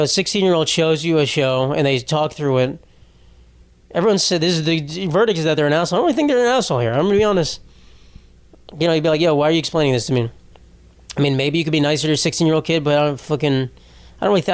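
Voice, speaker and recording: A young man hosting a solo podcast, rambling casually with lots of swearing and jokes. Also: fairly high pitch. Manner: rambling, profane, jokey. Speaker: podcast host.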